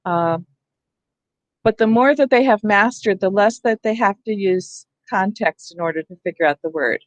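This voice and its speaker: A woman's voice: mid-range voice, moderate pace, no echo. A woman leading a teacher training session on reading, explaining in a conversational way and often checking in with her listeners. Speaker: literacy trainer.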